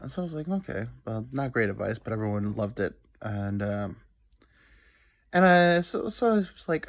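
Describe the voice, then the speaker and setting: A young man tells a long story in a loose, rambling way. His pitch swings freely as he acts out what others said, and he pokes fun at himself along the way. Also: expressive. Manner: rambling, self-deprecating, quotes people in quick asides. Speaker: podcast host. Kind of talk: casual storytelling monologue.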